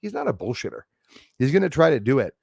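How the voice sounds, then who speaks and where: A man's voice: mid-range voice, wildly swooping pitch, fast talker, creaky, darkish tone, breathy edge, no echo. A man hosting a live stream from a forest, talking casually to his chat in a blunt, profane, rambling way and laughing off critics. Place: outdoors in a forest.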